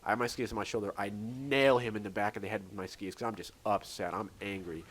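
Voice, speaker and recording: A man's voice: lowish voice, steady tone, fast talker, a bit bright. A man casually telling a rambling story over gameplay, full of "like" fillers and restarts. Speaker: gaming channel host.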